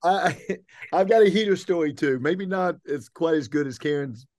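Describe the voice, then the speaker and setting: A man, a soccer coach co-hosting a podcast, telling a lively anecdote in casual chat and laughing often. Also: fairly high pitch, normal speed, no room sound, clean studio sound.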